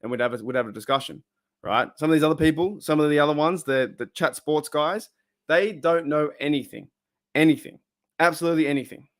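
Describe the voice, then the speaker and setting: A man's voice: fairly high pitch, fairly quick. An Australian man hosting a casual live stream, talking bluntly and heatedly and swearing freely.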